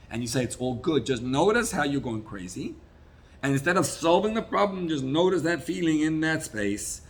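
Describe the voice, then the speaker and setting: A man, a rabbi, giving a Torah class sermon, teaching in an animated way with Hebrew and Yiddish terms. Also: medium pitch, a little hiss or hum.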